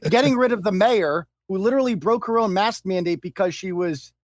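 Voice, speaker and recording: A man's voice: sits high, a little fast, no echo. A man co-hosting a podcast, speaking with a sarcastic, mocking manner in casual chat. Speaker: podcast co-host.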